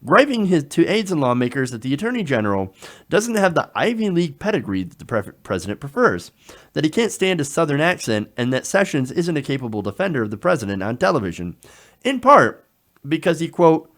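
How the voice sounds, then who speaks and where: A man delivering opinionated political commentary in a sarcastic, animated way. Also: fairly high pitch, a little fast. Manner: sarcastic, animated, drops into mocking quotes.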